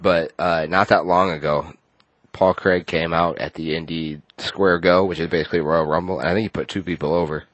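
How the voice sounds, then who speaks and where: Deep-voiced man co-hosting a podcast. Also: steady tone, brisk, fairly bright tone, dry recording, muffled recording. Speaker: podcast co-host. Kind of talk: casual chat.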